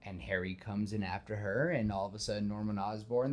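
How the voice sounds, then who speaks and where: A man hosting a casual podcast, talking in an animated, self-deprecating way and slipping into quick character voices. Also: on the low side. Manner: self-deprecating, admits nervousness. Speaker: podcast host. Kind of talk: casual podcast chat retelling a film.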